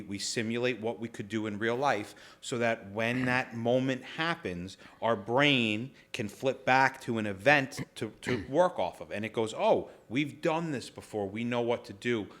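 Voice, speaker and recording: A man's voice: medium pitch, moderate pace, hardly any pauses, a bit bright. A man, a hazmat instructor, explaining training drills in a casual interview, often checking in with "right?".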